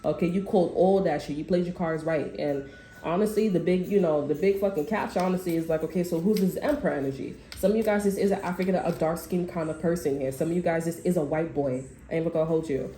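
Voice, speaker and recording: A woman's voice: lowish voice, fast talker, dark tone. A woman doing a casual tarot reading to camera, talking bluntly and with plenty of swearing and fillers. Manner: blunt and profane, lots of fillers. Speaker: tarot reader. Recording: roomy echo, faint background noise.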